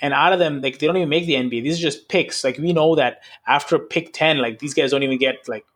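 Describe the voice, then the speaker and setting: A man's voice: fairly high pitch, fast talker, a bit bright, slightly rough. A man co-hosting a sports podcast, chatting casually and rambling, with lots of "like" and "right?". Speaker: podcast co-host.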